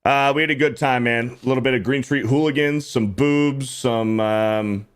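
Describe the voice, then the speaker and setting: A man's voice: medium pitch, fairly even intonation, normal speed, clear, resonant tone. A young man hosting a casual podcast, reading out viewer donations in a laid-back way. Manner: laid-back, reads out donor messages. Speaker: podcast host.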